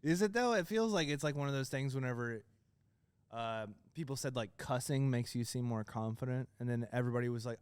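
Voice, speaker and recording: A man's voice: mid-range voice, fairly quick, smooth. A man co-hosting a comedy podcast, playful and teasing in casual chat. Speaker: podcast co-host.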